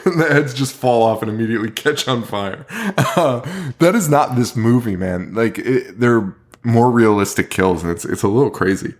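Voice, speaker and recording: A man's voice: mid-range voice, expressive, moderate pace. Laughing man recapping a horror movie. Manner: laughs often, heavy swearing. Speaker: podcast co-host.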